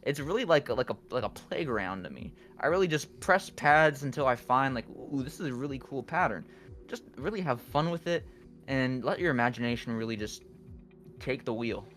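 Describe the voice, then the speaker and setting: A man's voice: mid-range voice, animated, moderate pace, fairly bright tone. A young man, a guest music producer, chatting candidly on a podcast and rambling with lots of fillers. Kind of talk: casual podcast chat.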